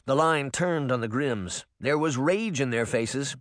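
A man narrating a children's story as a scripted, expressive reading in a studio booth. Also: medium pitch, unhurried, no echo. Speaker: audiobook narrator.

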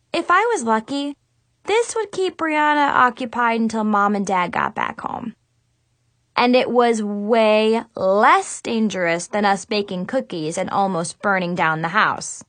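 High-voiced woman reading a kid's diary book, super expressive, unhurried, dry close sound. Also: no room sound. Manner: dramatic, exasperated, expressive. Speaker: audiobook narrator. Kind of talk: first-person storybook narration as a teen girl.

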